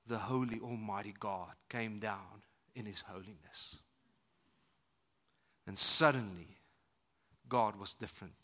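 A man preaching a sermon at a church service, moving between loud emphatic lines and hushed ones. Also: fairly low pitch, takes it slowly, pauses often. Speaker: pastor.

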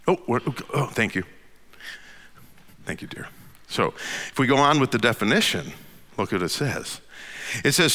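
A preacher with a bright, forceful voice delivers a sermon in a big hall with a long reverb trailing his words. He leans hard on emphatic lines, then drops to a soft, hushed tone. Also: medium pitch. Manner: expressive preaching, swinging from loud emphasis to hushed near-whispers. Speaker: pastor.

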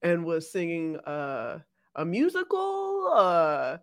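Slow-talking incredulous woman co-host. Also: lowish voice, wildly swooping pitch, dry recording, clean studio sound. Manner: incredulous, teasing, drawn-out delivery. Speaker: podcast co-host. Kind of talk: casual chat.

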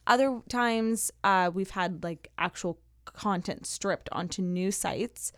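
A woman's voice: medium pitch, slow. A Canadian woman chats as an interview guest, friendly and easygoing. Her voice sounds dry and close, with no room echo. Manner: friendly, conversational, chatty. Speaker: guest, food entrepreneur. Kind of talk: casual interview chat.

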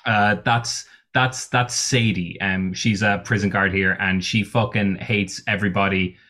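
A man's voice: on the low side, steady tone, unhurried, pushed and bright. A man running a tabletop role-playing game as game master, narrating in a rambling way full of fillers and restarts. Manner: rambling, laughs often, many fillers.

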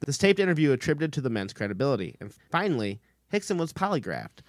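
A man's voice: medium pitch, big pitch swings, fast, dry recording, clean studio sound. A man hosting a podcast, reading from his notes in a conversational way. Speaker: podcast host. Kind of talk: casual chat.

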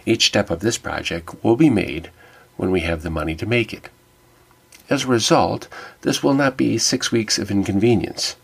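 A man's voice: lowish voice, normal speed, vocal fry, breathy edge. A middle-aged man giving an earnest, wry personal reflection that turns to faith. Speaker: devotional speaker.

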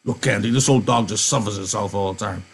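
A man's voice: lowish voice, fast talker, gravelly, husky. A man voicing a blunt, heavy-set, pushy male ranch hand, reading a novel aloud in class. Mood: insistent. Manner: loud, insistent, hard-pressing delivery.

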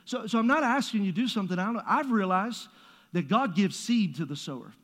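Man, pastor, sermon, chatty and joking, high voice, long hall reverb. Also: animated, fast talker, a bit bright. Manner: conversational, joking preaching with playful asides.

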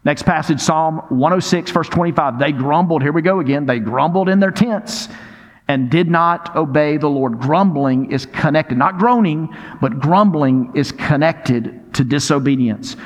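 A man preaching a sermon as pastor, animated and speaking directly to his congregation. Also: a little high, a little slow. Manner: animated preaching with audience prompts. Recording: long hall reverb.

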